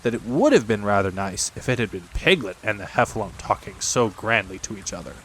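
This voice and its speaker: A man reading a children's bedtime story aloud as the narrator, in a gentle, expressive manner. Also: on the low side, brisk, slight background noise, rough recording. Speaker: audiobook narrator. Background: rain sounds.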